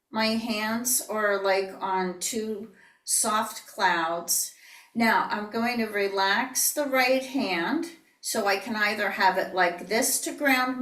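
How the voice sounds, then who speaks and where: Calm woman teaching tai chi, echoey. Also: mid-range voice, recorded from a distance. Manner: calm, step-by-step cueing, breathing out whispered healing sounds. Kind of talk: online movement class instruction. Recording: echoey room, voice heard from off the mic.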